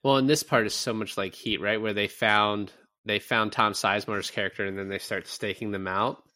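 A man's voice: on the low side, normal speed, dry recording. A man co-hosting a film review podcast, chatting casually and acting out movie lines with energy. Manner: animated, acts out movie lines. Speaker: podcast co-host.

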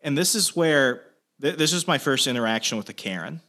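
Animated man telling a story. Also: mid-range voice, a little fast. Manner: animated, swearing, shouts quoted lines. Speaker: host. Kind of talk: casual storytelling chat.

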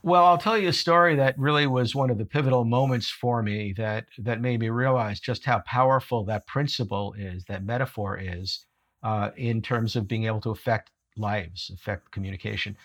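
A middle-aged man of medium pitch tells a story in an interview. He is animated and often chuckles at his own jokes. He speaks as a coach for leaders. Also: moderate pace. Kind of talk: storytelling conversation.

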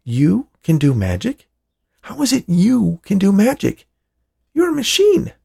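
A man doing a reckless, demanding inventor, pitched well above his own gravelly voice and swinging wildly in tone. He snaps and whines in exasperated bursts, with a husky edge underneath. A storybook character through and through. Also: huge pitch swings, normal speed, mellow, exaggerated voice. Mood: alarmed. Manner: whiny, exasperated outbursts.

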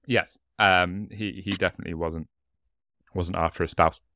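A man co-hosting a casual true-crime podcast, talking in a relaxed, halting way with lots of fillers. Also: low voice, dry recording, studio quality. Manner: relaxed, hesitant with many fillers, laughs often. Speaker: podcast co-host.

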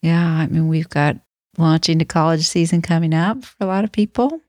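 A middle-aged woman co-hosting a Christian podcast, speaking in an earnest, warm, affirming way. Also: low voice, normal speed, no echo, clean studio sound. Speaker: podcast co-host. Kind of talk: reflective Christian podcast conversation.

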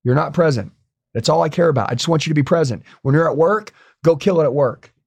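A man's voice: a little high, fast talker, gravelly, husky. A man voicing his exasperated wife, who pleads and insists that he be present at home. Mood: insistent. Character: exasperated wife demanding her husband be present.

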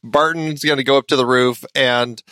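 Male podcast host, mid-pitched, dry close sound, reflective and easygoing. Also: fairly even intonation, moderate pace, sharp tone, smooth, no echo. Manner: reflective, laughs often. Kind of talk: casual chat.

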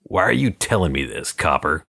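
A man doing a very deep, wary gangster. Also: sing-song, normal speed, gravelly, pushed and bright, breathy edge, exaggerated voice. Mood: guarded. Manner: clipped, guarded tough-guy talk. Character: hard, wary male gangster on the run. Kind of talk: audiobook character voice.

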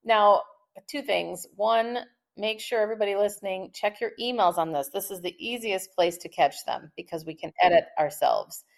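A woman communication expert, a podcast guest, who explains tips in a lively, chatty way and laughs often. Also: mid-range voice, normal speed, creaky. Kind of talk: conversational podcast interview.

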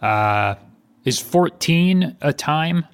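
A man's voice: fairly high pitch, lively intonation, drawn-out words, smooth, dry recording. A man co-hosting a podcast, bantering in a casual comedic chat with a dry, understated playfulness. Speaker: podcast co-host.

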